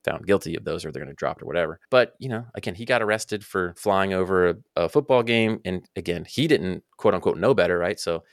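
A man explaining rules in a casual podcast, talking quickly and using lots of "like" fillers. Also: deep voice, expressive, dry recording, clean studio sound. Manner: fast, filler-heavy talk with frequent "like". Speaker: drone training founder and guest expert.

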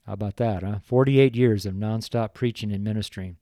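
A man's voice: fairly low pitch, fairly quick, warm tone, dry recording, clean studio sound. An older man, a pastor, preaching from his weekly letter and praying, emotional and folksy with rambling asides. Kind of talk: sermon read from a weekly letter, with prayer.

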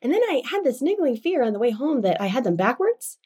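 A woman's voice: sits high, sing-song, fast, warm tone, a little hiss or hum. A woman co-hosting a casual book-club podcast, chatty and self-deprecating, laughing often. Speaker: podcast co-host.

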